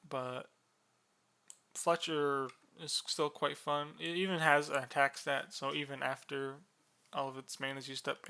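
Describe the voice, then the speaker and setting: A man casually explaining the rules of a board game unit, relaxed and drowsy, with many fillers and yawns. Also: medium pitch, clean tone.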